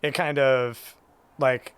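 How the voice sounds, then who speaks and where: A man being interviewed about his sign painting work, talking in a relaxed, rambling way with lots of fillers. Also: mid-range voice, slow, clear, resonant tone. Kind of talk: casual conversation.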